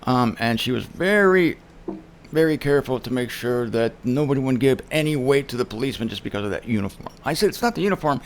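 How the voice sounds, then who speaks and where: A man's voice: mid-range voice, expressive, quick pace, slight background noise. A man hosting his own show, telling a story in an emphatic monologue and acting out the people he quotes. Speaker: show host. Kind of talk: casual monologue.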